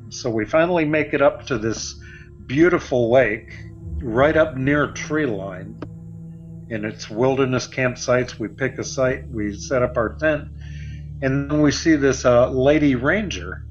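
A man in his sixties from Florida, telling a personal story in a loose, conversational way with fillers. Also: medium pitch. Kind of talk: casual storytelling. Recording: slightly muffled lo-fi audio.

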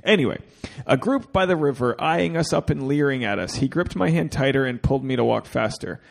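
A man's voice: medium pitch, lively intonation, brisk, gravelly. A man co-hosting a podcast, reading a listener's email aloud with crude jokes and asides. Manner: jokey, crude asides, gets teary. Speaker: podcast co-host.

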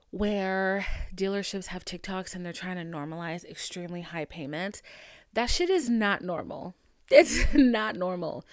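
A young adult woman hosting a podcast, telling a story in an animated, profane and emphatic way and often tossing in "okay?". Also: medium pitch, no echo, clean studio sound. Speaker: podcast host. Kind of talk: casual storytelling monologue.

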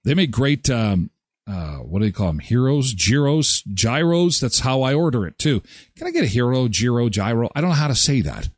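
A man's voice: mid-range voice, very animated, brisk, no room sound, clean studio sound. A man hosting a morning show, chatting casually and rambling with self-mocking asides. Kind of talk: casual live radio chat.

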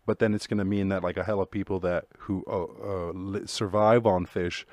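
A man talks alone into the mic in a deep voice, musing in a loose, jokey way and swearing freely as he goes. The sound is close and dry, with no room around it. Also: fairly even intonation, normal speed, darkish tone, no room sound. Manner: rambling, profane, jokey. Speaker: podcast host. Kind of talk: solo casual monologue.

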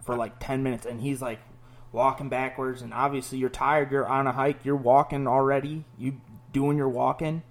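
A man hosting a casual podcast, talking in a loose, profane, animated way as he tells stories. His New is clear, and his pitch sits at an ordinary middle level. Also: normal speed. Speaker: podcast host. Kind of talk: casual chat.

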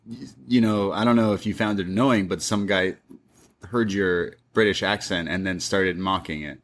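Young male co-host, low voice, animated storyteller, casual and profane. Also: normal speed. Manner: animated storyteller, swears, laughs often. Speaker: podcast co-host. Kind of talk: casual chat.

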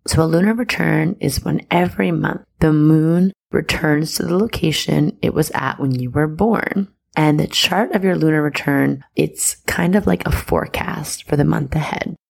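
A woman's voice: low-pitched, moderate pace, gravelly, hardly any pauses, slightly rough. A woman hosting her own spiritual podcast, talking in a loose, chatty way with lots of fillers. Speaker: podcast host. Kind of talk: casual spiritual podcast monologue.

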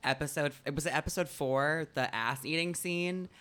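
A young podcast co-host in casual chat. The voice is smooth and resonant at a middle pitch. The delivery is blunt and emphatic, quick to agree and joke. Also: fairly bright tone.

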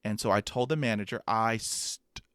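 A man's voice: on the low side, normal speed, fairly bright tone, smooth, no echo, studio quality. A man who stutters, with blocks and repeated sounds, telling a self-mocking personal story and acting out quotes. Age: adult with a master's degree.

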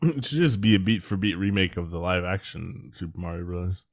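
Low-voiced young man, deadpan sarcastic podcast co-host, dry close sound. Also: a little fast, no echo. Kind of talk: casual chat.

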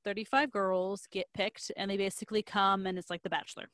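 A woman's voice: medium pitch, level tone, a little fast, fairly bright tone, no room sound. Rambling young woman retelling a story. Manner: rambling, many likes and ums, quotes characters in lilting voices. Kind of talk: casual chat retelling a novel's plot.

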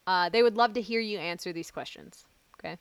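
A woman hosting a casual podcast interview, upbeat and quick to laugh. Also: mid-range voice, clear, resonant tone, dry recording. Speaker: podcast host.

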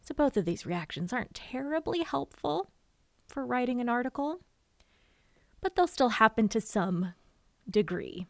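A woman giving casual writing advice to camera, expressive and chatty, often acting out quotes. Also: a little high, measured pace, vocal fry, long pauses, no room sound. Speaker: writer and vlogger.

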